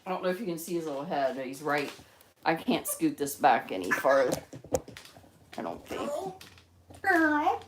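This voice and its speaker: A woman chatting on a casual live stream at home, coaxing her pet birds in a high, sing-song baby-talk voice between plain remarks to viewers. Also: expressive, normal speed, long pauses. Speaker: pet bird owner livestreaming. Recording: echoey room, noisy background.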